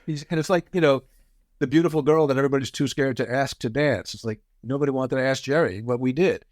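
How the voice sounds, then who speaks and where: Man, 60s, podcast guest, anecdotal, animated, dry close recording. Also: mid-range voice, fast, dry recording. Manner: lively storyteller, acts out quotes. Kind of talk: casual anecdote telling.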